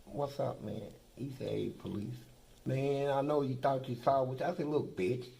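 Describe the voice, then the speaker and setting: A man's voice: mid-range voice, moderate pace, creaky, mellow, poor audio. An older man, a former prisoner, telling blunt, profane stories in a documentary interview. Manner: blunt, profane, boastful storytelling.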